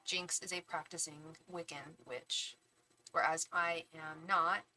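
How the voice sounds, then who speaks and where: A woman doing a live tarot reading who chats casually, with frequent restarts, and at times softly repeats an invocation. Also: deep voice, slow, rough recording. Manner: chatty and animated, with frequent restarts; repeats a soft chanted invocation. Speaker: tarot reader and psychic medium. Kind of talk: casual chat on a live stream.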